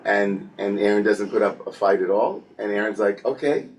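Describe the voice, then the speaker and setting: Lively man teaching a Torah class. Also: fairly low pitch, normal speed, recorded from a distance, slight background noise. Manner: lively storytelling, playfully acts out biblical characters, frequent restarts. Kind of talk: casual Torah study class.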